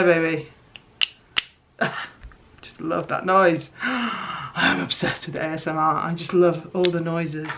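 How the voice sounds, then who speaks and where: A woman chatting casually as she shows her homemade crafts, excitable and self-mocking. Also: on the low side, vocal fry. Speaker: crafting vlogger. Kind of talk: casual craft chat to camera.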